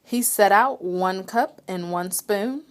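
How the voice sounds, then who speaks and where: A woman reading a children's picture book aloud with expressive, dramatic storytelling. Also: mid-range voice, slow. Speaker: read-aloud reader.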